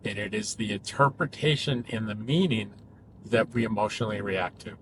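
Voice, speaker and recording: A man who works as a cognitive behavioral therapist, talking casually and explaining ideas in a thoughtful, measured way with emphatic rises. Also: lowish voice, noisy background.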